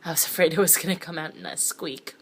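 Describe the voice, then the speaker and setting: A middle-aged woman with a notably deep voice reads a first-person thriller. Her delivery is dry and sardonic, with quiet whispered stretches. A faint hiss sits under the voice. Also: fast talker. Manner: wry, sardonic asides, sometimes dropping to a whisper. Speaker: narrator of a thriller web series. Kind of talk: scripted first-person narration.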